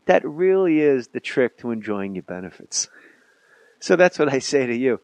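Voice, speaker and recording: A man hosting a podcast, telling comedic stories in a casual, animated way with profanity and quick impressions of other people. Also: medium pitch, dry recording. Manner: animated storyteller, does voices in anecdotes, profane. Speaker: podcast host.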